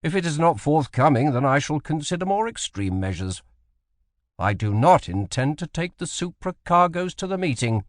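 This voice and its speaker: A man voicing a commanding British admiral in an audiobook, speaking with deliberate authority. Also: fairly high pitch, sing-song, dry recording, clean studio sound, pitched above the performer's own voice. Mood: briefing. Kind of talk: audiobook character voice.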